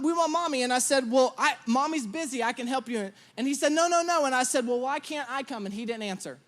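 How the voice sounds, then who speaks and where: A man in his thirties preaching a sermon, telling a lively story about his children and acting out their lines. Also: very high-pitched. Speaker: pastor.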